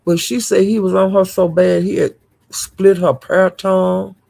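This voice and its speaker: A woman's voice: mid-range voice, flat delivery, measured pace, vocal fry, dark tone. A woman vlogger giving casual gossip commentary to her viewers, blunt, profane and indignant.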